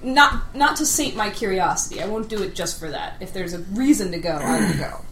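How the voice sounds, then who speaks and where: A woman's voice: mid-range voice, expressive, fairly quick, fairly bright tone. Woman player in an echoey, noisy room. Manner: chatty, playful. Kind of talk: casual tabletop chat.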